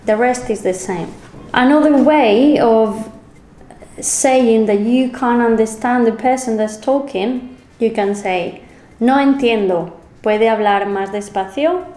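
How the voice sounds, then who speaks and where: A woman with a Spanish accent co-hosts a casual language lesson, voice sitting a touch high. She sounds out each phrase slowly and carefully, in an echoey room. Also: warm tone. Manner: slow, careful modeling of phrases. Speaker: Spanish teacher co-host.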